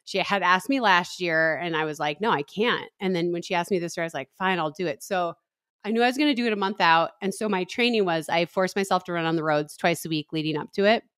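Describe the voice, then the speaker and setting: A middle-aged woman chats on a podcast, telling her story with animated energy. She jumps up high in pitch when she quotes other people. The sound is close and dry, with no room around it. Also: quick pace, smooth, no echo. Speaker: podcast co-host. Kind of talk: casual chat.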